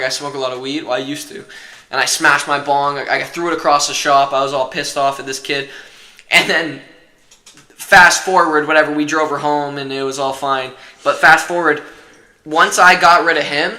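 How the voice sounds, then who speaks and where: A man's voice: a little high, fairly even intonation, moderate pace, pushed and bright, echoey room. A young man in casual podcast chat, rambling and swearing a lot with constant fillers.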